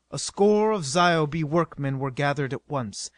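A man reading an adventure novel aloud as narrator, with a steady, dramatic delivery. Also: on the high side, measured pace, hardly any pauses, dry recording. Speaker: audiobook narrator.

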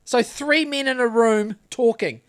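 A man's voice: very high voice, unhurried, clear, resonant tone. A man co-hosting a podcast, ranting bluntly and swearing constantly in casual chat. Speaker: podcast co-host.

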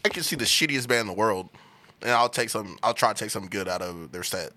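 A young man in casual chat who rambles, swears a lot and mumbles, with a naturally loud voice. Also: lowish voice, lively intonation, fast talker. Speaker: podcast co-host, singer in a band.

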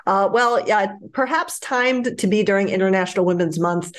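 A woman co-hosting a casual podcast, animated and quick to laugh while she chats and reads out news. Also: medium pitch. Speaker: podcast co-host.

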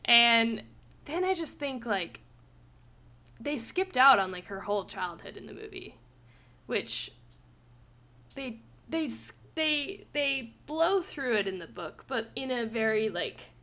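A young woman hosts a casual book podcast in a bright, slightly high voice. She talks in an animated way, laughs often and fills her sentences with "like." It sounds like an easygoing chat with a friend. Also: slow. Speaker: podcast host.

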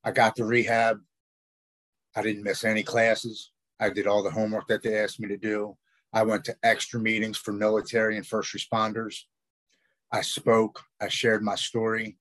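Man, middle-aged, low register, raw and halting personal storytelling, dry recording. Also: a bit bright, no echo. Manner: raw, halting, repeats words when emotional. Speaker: guest telling his recovery story.

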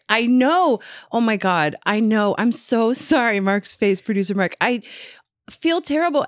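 A woman's voice: medium pitch, no room sound. Laughing, candid woman host, dry sound. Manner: chatty and candid, swears freely, laughs often. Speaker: podcast co-host. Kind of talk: casual chat. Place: podcast studio.

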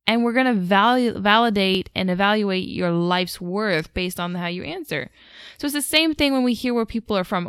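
A talkative American woman co-hosting a casual chat, with lots of "like" and easy laughter. Her voice sits at a middling pitch. The sound is dry and close. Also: normal speed, fairly bright tone, clean tone, dry recording. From United States. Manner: talkative, uses 'like' a lot, laughs easily. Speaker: podcast co-host.

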